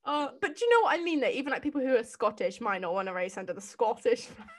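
A woman's voice: a little high, lively intonation, fast talker. A young woman co-hosting a podcast, chatty, steering the talk with questions. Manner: chatty, leads topics with questions. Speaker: podcast co-host. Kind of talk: casual chat.

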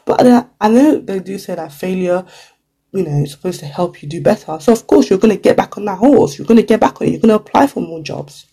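A relaxed vlogger offering career advice chats straight to camera in a medium-pitched voice that is dark, mellow, and gravelly with a husky edge. The talk is full of "like" and "you know," with quick acted-out quotes dropped in along the way.

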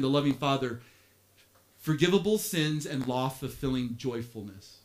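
A pastor preaches a sermon in a fairly high voice, animated and full of playful asides. He swings between quiet stretches and outright shouting.

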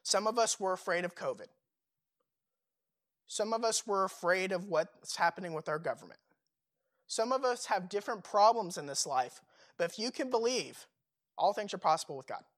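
A man's voice: high-pitched, animated, moderate pace, long pauses, fairly bright tone. A young man preaching a sermon in a casual, conversational way, full of fillers and rhetorical questions.

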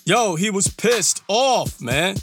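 A man's voice: high voice, expressive, takes it slowly, a bit bright, faint music behind. A man giving heated political commentary, emphatic and repeating himself, with casual slang.

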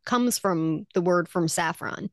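A woman's voice: lowish voice, a little slow, no room sound, clean studio sound. A woman co-hosting a podcast in casual chat, curious and musing aloud with questions. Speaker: podcast co-host.

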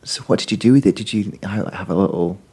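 A man's voice: low voice, quick pace, warm tone, husky. A man, co-hosting a casual podcast, telling a dry story and acting out a child's replies. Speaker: podcast co-host, primary school teacher. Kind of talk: casual chat.

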